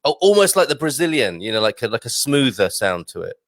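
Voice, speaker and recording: A man's voice: mid-range voice, very animated, a little fast, no echo. Male host, casual and chatty, laughs easily, dry mic. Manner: chatty, laughs often, stumbles over Portuguese words. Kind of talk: casual chat show.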